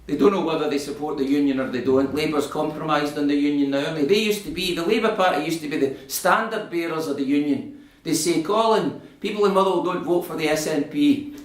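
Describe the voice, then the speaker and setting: A man's voice: a little high, fairly quick. Argumentative Scottish man in an echoey hall. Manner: animated, argumentative, addresses audience directly. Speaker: invited political speaker. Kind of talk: public talk answering audience questions. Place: community hall. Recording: echoey room.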